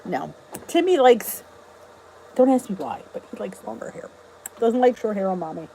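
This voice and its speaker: Vocal fry and big pitch swings color this medium-pitched, warm voice, which moves at a normal speed. A middle-aged American woman with US English hosts a chatty, bubbly YouTube livestream indoors at home, greeting viewers and reading their comments. The low-quality recording, made on a phone or camera on a stand, carries a little hiss or hum.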